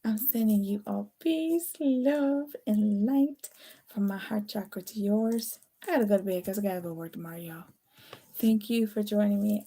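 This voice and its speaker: Tired, gravelly-voiced woman tarot reader. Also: fairly high pitch, mellow. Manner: chatty, candid, swears casually. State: tired, up late. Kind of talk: casual live tarot reading.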